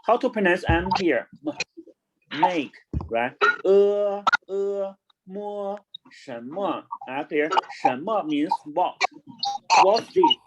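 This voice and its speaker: A man teaching an online class to children, talking slowly, repeating words and spelling them out, switching between English and Chinese. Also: high voice, lively intonation, heavy background noise.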